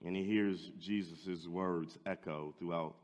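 A male preacher telling a story in a sermon with strong drama. He builds up loud, then drops to a hushed, heavy delivery. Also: deep voice, fairly even intonation, unhurried, long reverb tail.

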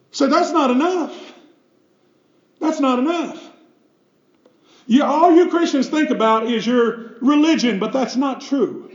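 A man's voice: very high voice, measured pace, pauses often, echoey room, dull audio. A man, a pastor, preaching a sermon with emphatic delivery and rhetorical questions.

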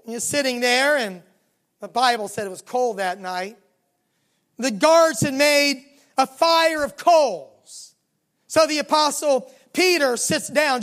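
Southern-accented preacher with a high voice. Storytelling sermon, dramatic, slow and low on the key lines. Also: fairly bright tone. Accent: Southern American. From Southern United States. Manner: dramatic storytelling, slowing down and dropping low for emphasis.

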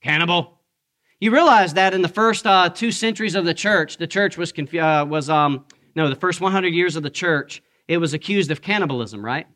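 A male pastor with a slightly higher-than-average voice delivers a sermon in a church, talking with his congregation rather than at them. He keeps throwing questions to the listeners and slips in jokes along the way. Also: brisk, fairly bright tone. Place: church sanctuary.

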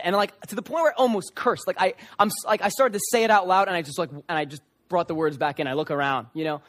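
A young man preaching a sermon to a gathered audience, earnest and animated, with many restarts as he tells stories. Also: sits high, fast talker, hardly any pauses. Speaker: youth pastor. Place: church service room before an audience.

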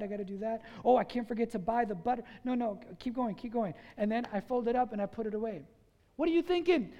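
A pastor delivering a lively sermon, his voice sitting unusually high for a man. He calls out to the congregation for responses and acts out everyday scenes to make his point.

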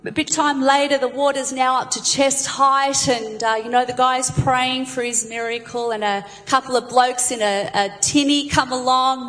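A woman delivering a sermon, telling stories with lively voices for the characters. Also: sits high, normal speed, few pauses, long reverb tail, poor audio. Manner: animated storyteller, voices the jokes' characters. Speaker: preacher.

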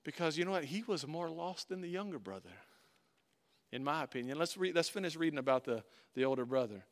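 A pastor delivering a sermon, reading scripture aloud and commenting on it, swinging between loud emphasis and hushed, quiet passages. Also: male voice, fairly high pitch, lively intonation, a little fast.

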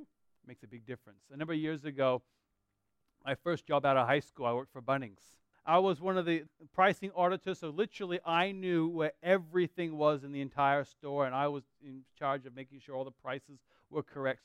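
A man's voice: on the high side, clean tone, dry recording. Earnest Australian preacher, male, clean and resonant, dry close sound. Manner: earnest, slows down for scripture and prayer. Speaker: pastor. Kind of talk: sermon.

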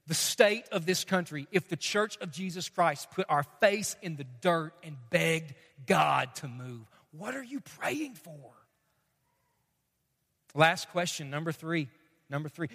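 A man's voice: a little high, pushed and bright, long reverb tail. A man preaching a sermon as pastor, emphatic and fond of repeating his questions for effect.

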